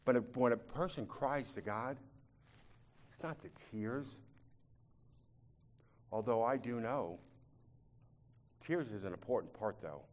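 Impassioned preacher man, quiet to loud. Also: takes it slowly, pauses often. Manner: swings from quiet, low confiding talk to loud, high impassioned preaching; repeats words and restarts when moved. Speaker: pastor. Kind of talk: sermon.

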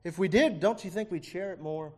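A man preaching a sermon with fervour, moving between hushed, intimate passages and near-shouts, with many "uh" fillers between phrases. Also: high voice, a little fast. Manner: frequent "uh" fillers.

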